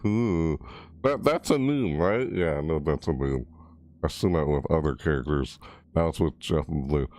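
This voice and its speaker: A man's voice: extremely low pitch, moderate pace, a little mellow, no room sound, clean studio sound. A man giving casual, rambling gameplay commentary as a gaming YouTuber, amused and full of fillers and laughter.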